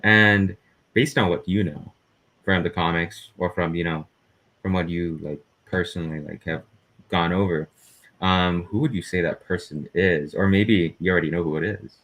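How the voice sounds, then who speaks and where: Deep-voiced male interview host. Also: steady tone, moderate pace, a bit bright. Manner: asks long winding questions. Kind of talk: casual interview.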